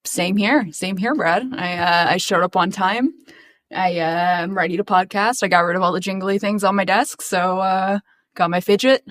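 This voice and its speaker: A woman's voice: medium pitch, moderate pace, a bit bright. A young woman co-hosting a podcast, chatting casually, teasing and laughing often. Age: young adult. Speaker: podcast co-host. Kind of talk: casual pop culture chat.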